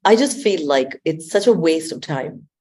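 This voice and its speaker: Woman, lowish voice, expressive guest coach who tells stories and laughs often. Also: normal speed. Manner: expressive storyteller, laughs often and acts out quotes. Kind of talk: spiritual conversation.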